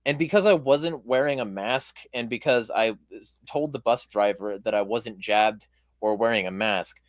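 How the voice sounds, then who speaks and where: A man with a hoarse voice, hosting a casual interview and telling a rambling, profane story with lots of fillers. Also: medium pitch, normal speed, dry recording, clean studio sound. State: hoarse voice from shouting. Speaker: podcast host.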